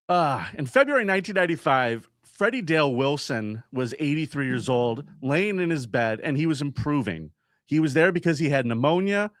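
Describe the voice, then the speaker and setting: Male podcast co-host, animated true-crime teller, dry studio sound. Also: moderate pace, no echo. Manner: animated, acts out quotes with big jumps in pitch. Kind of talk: true-crime storytelling banter.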